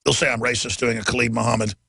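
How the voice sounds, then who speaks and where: Man, radio host, political rant, emphatic, bright sharp tone, gravelly. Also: mid-range voice, flat delivery, dry recording. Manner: urgent, emphatic ranting with rapid-fire lists.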